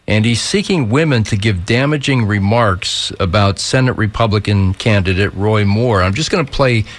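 A man hosting a call-in radio talk show, brisk and chatty, laughing easily with his guest. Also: lowish voice.

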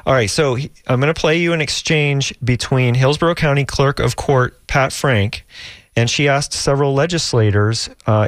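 A male radio talk show host who speaks in a halting way, full of restarts and filler words. His voice sits at a middle pitch and is recorded dry and close, with no room sound. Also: no room sound. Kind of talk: call-in radio interview.

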